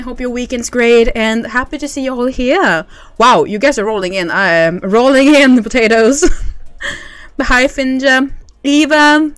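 A woman's voice: a little high, fairly bright tone, clean tone, no echo. A young woman streaming a game, chatting casually and bubbly, greeting viewers by name and laughing often. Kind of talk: casual livestream chat.

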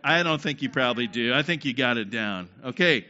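Leading his congregation through a group exercise, a male pastor keeps checking on them with a repeated "okay?" His medium-pitched voice is lively, a little fast with hardly any pauses, and bright and forceful, on a dull lo-fi recording.

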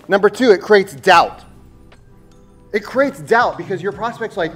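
A man giving a sales-training talk on stage, animated and rhetorical, firing questions at the audience. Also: fairly high pitch, fairly quick, faint music behind. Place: stage before a live audience.

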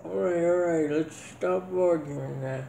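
A man's voice: on the high side, a little slow, gravelly, mellow, slight background noise. A man as a mumbling laid-back son. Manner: mumbling, stammering. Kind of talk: comedic sketch acting. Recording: roomy echo.

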